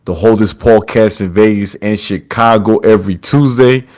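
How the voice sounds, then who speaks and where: A man's voice: on the low side, moderate pace, darkish tone. A man hosting a podcast over a video call, retelling a story with quoted lines and calling his guest brother. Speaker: podcast host. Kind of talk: casual storytelling chat.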